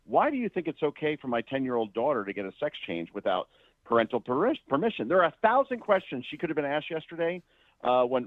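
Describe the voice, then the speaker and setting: A man's voice: mid-range voice, dry recording. A man calling in as a media critic on a radio show, exasperated and firing off rhetorical questions. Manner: animated, exasperated, rapid-fire rhetorical questions. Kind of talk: phone-in radio interview. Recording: tinny phone line.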